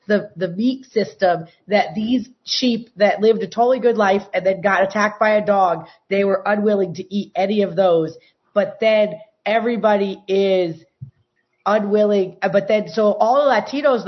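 A woman telling long, animated stories from her farm in casual talk, with many restarts. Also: medium pitch. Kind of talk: casual storytelling. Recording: dull, muffled sound.

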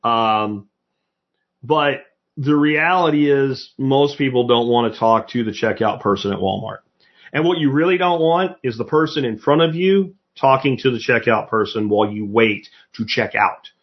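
A man's voice: mid-range voice, animated, moderate pace, muffled recording. A man hosting a solo podcast, blunt and opinionated, swearing casually as he rants. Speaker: podcast host.

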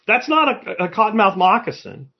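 A man hosting a live stream, talking with a lively, swooping delivery and a slightly husky voice. He is blunt and profane as he rants back at chat comments. The audio is dull and lo-fi. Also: high voice, normal speed. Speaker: podcast host.

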